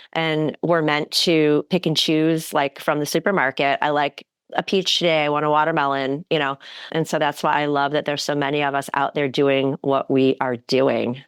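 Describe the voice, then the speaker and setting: A woman's voice: low voice, smooth, dry recording, clean studio sound. A woman hosting a wellness podcast, chatting casually and laughing often as she tells stories. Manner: giggly, animated storyteller. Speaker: podcast host. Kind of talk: casual interview chat.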